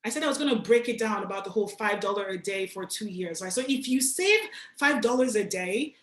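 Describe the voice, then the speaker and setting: A young woman from Nigeria giving a casual, animated motivational talk to an audience, speaking directly and with slang. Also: mid-range voice, fairly quick, reverberant. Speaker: guest speaker.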